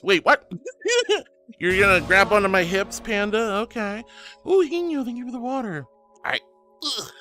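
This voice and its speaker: A man's voice: high voice, bright, forceful tone. A man streaming live as a VTuber, reading out viewer messages and thanking them in a gushing, giggly way.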